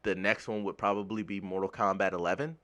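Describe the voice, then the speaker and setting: A man from the United States giving a casual, blunt gaming commentary rant, swearing freely and getting animated when worked up. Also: sits low, quick pace. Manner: blunt, swears freely, laughs at own jokes. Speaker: gaming YouTuber.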